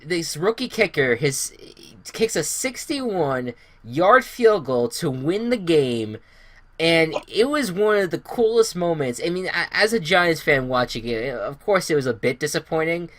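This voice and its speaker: A man hosting a casual sports podcast, chatting through the week's games. He rambles, fills pauses with "uh" and restarts his sentences. The sound is dry and close, with no room echo. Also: fairly high pitch, very animated, a bit bright. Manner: rambling, many fillers and restarts. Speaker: podcast host.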